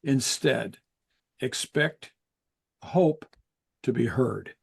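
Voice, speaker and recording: An older man, a guest author in an interview, explaining in an earnest, measured way with pauses. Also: mid-range voice, gravelly, husky. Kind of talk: interview conversation.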